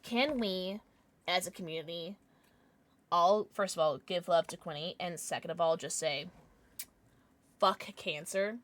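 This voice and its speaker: A woman live streamer chatting casually with her viewers, chatty and quick to swear. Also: on the low side. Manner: chatty, lively, swears freely.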